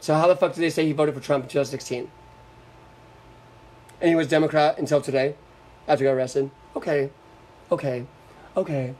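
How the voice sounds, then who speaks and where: A young Florida man rails against political targets on his live stream, combative, sarcastic and full of profanity. His voice leans high with a darkish tone.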